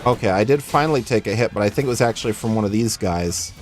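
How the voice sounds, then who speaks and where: A man's voice: lowish voice, quick pace. A man giving casual, joking commentary while playing a video game. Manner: playful, joking asides. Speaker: let's play host.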